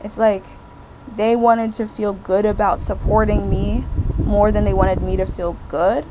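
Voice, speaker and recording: A woman's voice: mid-range voice, a little slow. A woman vlogger talking casually about a book, rambling and emphatic with lots of fillers. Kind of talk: casual book review chat. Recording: steady air-conditioner hum behind the voice. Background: air conditioning hum.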